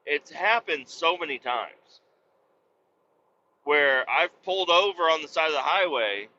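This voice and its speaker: A man's voice: a little high, expressive, measured pace, sharp tone, lo-fi sound. A man, a truck driver hosting his own podcast, ranting casually and profanely about his day. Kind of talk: casual rambling monologue.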